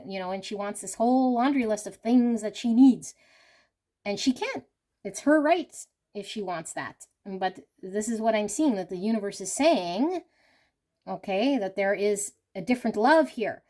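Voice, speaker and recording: A woman's voice: medium pitch, animated, moderate pace, warm tone. Earnest woman giving a spiritual tarot reading. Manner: earnest, repetitive, spiritual coaching tone with frequent "you know" and "okay?". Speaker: tarot reader. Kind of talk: intuitive tarot reading monologue.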